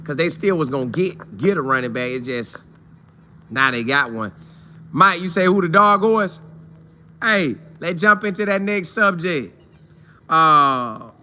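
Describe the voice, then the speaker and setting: A man hosts a loose, chatty live show, reading out viewers' comments and greeting them one by one. His voice sits a bit high and rings very bright. He leans on repetition, saying a line twice to drive it home. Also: lively intonation, measured pace, a little hiss or hum. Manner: greets viewers by name, repeats phrases for emphasis. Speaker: host of a college football fan show.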